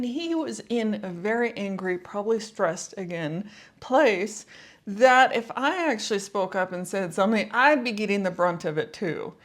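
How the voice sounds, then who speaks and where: A woman life coach talking to camera in a casual, reflective vlog, telling a personal story in a conversational way with lots of "like" and "you know". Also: mid-range voice.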